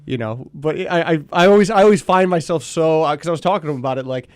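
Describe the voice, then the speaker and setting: Animated young comedian from Chicago. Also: male voice, a little high, no room sound. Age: young adult. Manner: rambling, animated, full of restarts and quick voice impressions. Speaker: guest comedian. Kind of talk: casual podcast chat.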